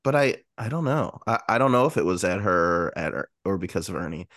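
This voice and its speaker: A man's voice: low voice, expressive, brisk, fairly bright tone, no room sound, studio quality. A young man co-hosting a podcast, chatting casually and sometimes putting on a baby-talk voice. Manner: chatty, puts on baby talk for his dog. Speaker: podcast co-host. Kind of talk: casual chat.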